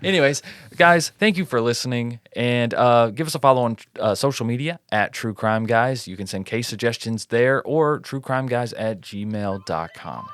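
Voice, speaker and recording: A man co-hosting a podcast, with a playful, upbeat manner, who reads sponsor copy quickly. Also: medium pitch, fairly bright tone, no echo, clean studio sound. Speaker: podcast co-host. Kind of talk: casual chat and read-out ad. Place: studio.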